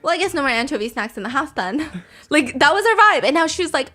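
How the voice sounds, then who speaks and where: A young woman with a slightly high voice spills reality-show gossip as a podcast host. Her tone is sarcastic and chatty. She slips into quick impressions of the people she recaps. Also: very animated, pushed and bright. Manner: gossipy and sarcastic, acts out quotes. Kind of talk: casual storytelling chat.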